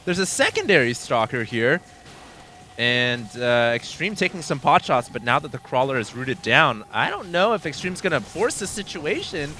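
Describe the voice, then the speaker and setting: A man's voice: a little high, big pitch swings, normal speed, sharp tone, a little hiss or hum. A man doing color commentary on a video game match, upbeat and jokey. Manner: upbeat, jokey, laughs easily. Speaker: esports caster.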